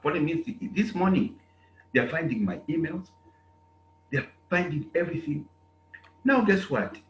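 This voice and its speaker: A man's voice: a little high, echoey room, slight background noise, poor audio. Emphatic Zambian man lecturing students. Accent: Zambian English. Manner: emphatic, repetitive, scolding. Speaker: program director addressing students. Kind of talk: lecturing speech at an online meeting.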